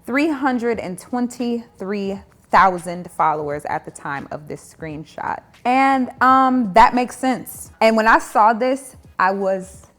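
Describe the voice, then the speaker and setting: A young adult woman telling a dating story in a casual vlog, animated and sarcastic with emphatic asides. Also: on the high side, takes it slowly.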